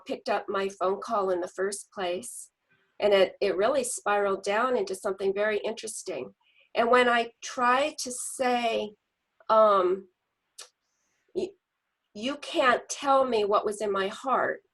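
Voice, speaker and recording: A middle-aged woman telling a personal story in a group discussion, earnest and animated, with restarts. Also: medium pitch, rough recording.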